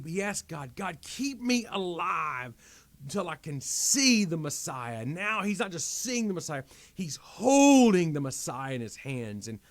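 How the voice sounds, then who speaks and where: A fairly high-pitched pastor, guesting on a podcast, shares a personal story from the studio. He speaks with animation and emphasis, circling back to repeat and restart his phrases.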